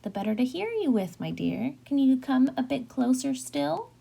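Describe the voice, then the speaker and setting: A woman voicing a sly, smooth-talking male wolf who speaks with mock politeness in a storybook reading. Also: sits high, big pitch swings, normal speed, warm tone, heavily acted. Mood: sweet menace. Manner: honeyed, mock-courteous, lingering words.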